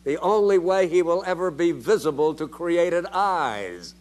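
A man's voice: animated, measured pace. An older man giving a theology lecture, emphatic and full of rhetorical questions, with his voice jumping up for emphasis. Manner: emphatic, with rhetorical questions and sudden rises in pitch.

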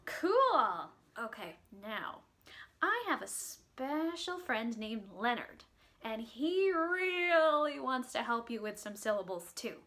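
A woman teacher leading a lesson for young children. Her voice sits high and swoops all over. She talks slowly and chants words for them to clap along to. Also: very animated, a bit bright. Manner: sing-song, encouraging, claps and chants words.

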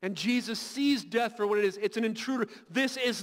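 A man preaching a sermon as pastor, impassioned and emphatic, building to loud peaks and often repeating words as he restarts. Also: high voice, a little fast, hardly any pauses. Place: large church hall. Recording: long reverb of a church hall.

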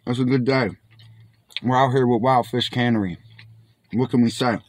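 A man's voice: mid-range voice, steady tone, normal speed, no room sound. Man, young adult, casual vlog host, enthusiastic, exclamatory, friendly. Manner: enthusiastic, keeps saying "my friends"; exclaims while tasting. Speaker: food reviewer. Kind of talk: casual food review vlog.

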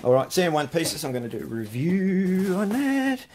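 A man's voice: high-pitched, big pitch swings, moderate pace, a little mellow, slight background noise. A man chatting casually while unboxing parcels for his vlog, muttering asides to himself between remarks. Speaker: electronics hobbyist vlogger.

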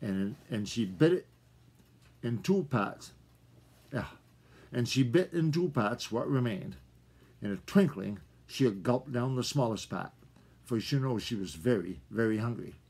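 An older man reads a children's story aloud the way a grandfather would, stopping for friendly asides to his young listeners. His voice is husky and sits at an ordinary pitch. The delivery is folksy and relaxed. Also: measured pace, pauses often.

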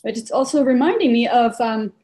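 A woman sharing a personal family story on a video call in a soft-spoken, hesitant way. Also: on the high side, expressive, brisk. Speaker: call participant.

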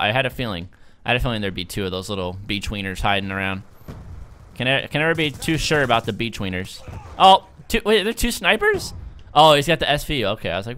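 A young man giving casual, excitable gameplay commentary as a gaming YouTuber, joking and laughing often. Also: mid-range voice, quick pace, clear, resonant tone. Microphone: desk microphone.

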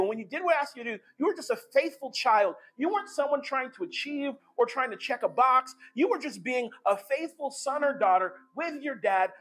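A man preaching an energetic sermon, excitable and emphatic, swinging between loud bursts and hushed lines. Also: very high voice, slightly rough.

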